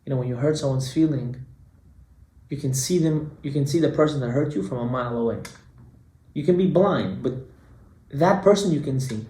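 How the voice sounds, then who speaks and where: A male rabbi giving a sermon, telling a story and swinging between hushed lines and emphatic ones. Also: mid-range voice, normal speed, long pauses. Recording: echoey room.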